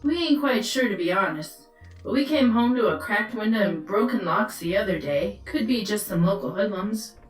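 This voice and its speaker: A woman voicing a sly, rough-talking low-city mother in a video game, falsely polite and defensive. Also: lively intonation, normal speed, reverberant, far from the mic, faint music behind, close to an everyday voice, rough recording. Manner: falsely polite, then cursing and yelling.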